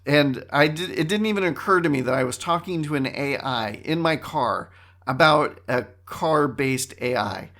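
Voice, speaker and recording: Wry, animated middle-aged man hosting. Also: a little high, moderate pace, gravelly. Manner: animated, wry, self-interrupting. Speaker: podcast host. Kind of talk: casual solo podcast talk.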